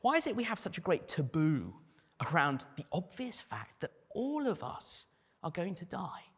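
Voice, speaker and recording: A man preaching a sermon as pastor, animated, with dry humor and acted quotes. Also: sits high, moderate pace, husky, in a large hall.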